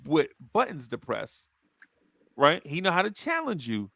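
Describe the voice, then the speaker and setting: Gravelly new guy on a dry podcast mic, chatty storyteller, voice sits a bit high. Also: a little slow, no room sound. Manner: animated storyteller, acts out quotes. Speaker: podcast host. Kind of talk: casual sports chat.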